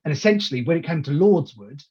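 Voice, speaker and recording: A man with a husky, slightly raised voice talks in a casual interview. He tells his stories with animation, stumbling into restarts and acting out what people said. The recording sounds dull and lo-fi. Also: fairly high pitch, quick pace. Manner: animated storyteller who acts out quoted lines, with many restarts. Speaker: wrestling promoter.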